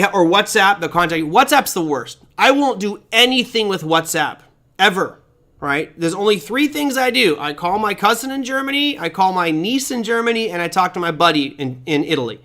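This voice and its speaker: A man hosting a live online crypto trading class, chatty and energetic, reading viewer comments aloud while sharing his screen. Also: high voice, moderate pace.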